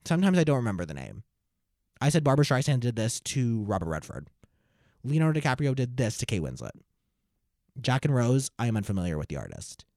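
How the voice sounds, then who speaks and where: A young man telling a comic story in a camp, dramatic way, with slow, deliberate delivery. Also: medium pitch, very animated, darkish tone, no echo, studio quality. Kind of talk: comic monologue.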